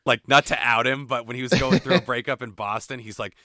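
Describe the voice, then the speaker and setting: A man's voice: medium pitch, normal speed, long pauses, no room sound, clean studio sound. A man co-hosting a music podcast in casual chat, talking candidly with frequent profanity. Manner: candid, profane, animated opinions. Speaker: podcast co-host.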